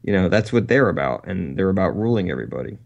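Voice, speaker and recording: A man co-hosting a talk radio show, chatting casually in a rambling, animated way and laughing between points. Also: deep voice, fast, gravelly, dull audio, a crowd in the background. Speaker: co-host.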